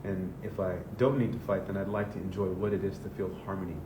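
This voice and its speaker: A man's voice: little pitch movement, fast talker, far from the mic. A man, a men's coach from the Southern US, giving a casual, earnest motivational monologue and swearing freely. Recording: echoey room with rumbling noise.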